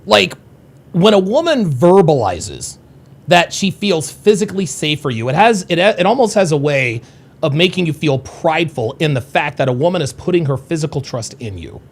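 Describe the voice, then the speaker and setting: Animated lecturing man, podcast host. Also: on the high side, moderate pace, husky. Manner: lecturing, emphatic, often adds "okay?" and "right?". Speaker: dating advice podcast host. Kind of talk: solo monologue to listeners.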